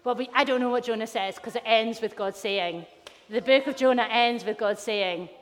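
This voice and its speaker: A woman giving a lively all-age church talk, playful and animated, asking the children questions as she retells a story. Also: a little high, moderate pace. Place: church hall. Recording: long reverb in a church hall.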